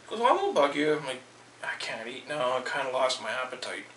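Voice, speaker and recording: Heated man ranting, bright echoey sound. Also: mid-range voice, sing-song, fast talker, recorded from a distance, slight background noise. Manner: heated, swearing, quotes people in raised voices. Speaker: vlogger. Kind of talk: angry personal rant.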